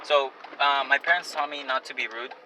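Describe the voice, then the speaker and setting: Young male vlogger, mid-pitch, rambling and awkward, recorded from a distance in a car with loud road noise. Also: fairly even intonation, brisk. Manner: rambling, self-conscious, often restarts. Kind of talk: casual vlog rant. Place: in a car while driving. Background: car and traffic noise.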